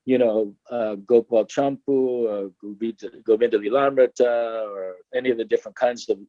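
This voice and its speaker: A man joining a group discussion as a guest over a video call, hesitant and halting, often trailing off. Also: medium pitch, steady tone, dry recording. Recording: dull, muffled call audio.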